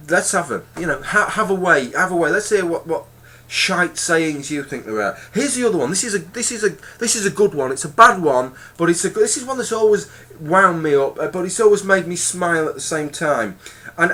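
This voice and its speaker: A man's voice: on the high side, sharp tone. A middle-aged man with a British English accent, talking casually and swearing, often repeating and restarting his words. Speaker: YouTube vlogger. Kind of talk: casual rambling monologue.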